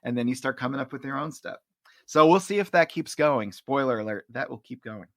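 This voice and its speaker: A man co-hosting a podcast, chatting casually, laughing often and describing comic strips out loud. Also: mid-range voice, a little fast, dry recording, clean studio sound. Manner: laughs often, animated when reading. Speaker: podcast co-host. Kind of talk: casual chat, reading comic strips aloud.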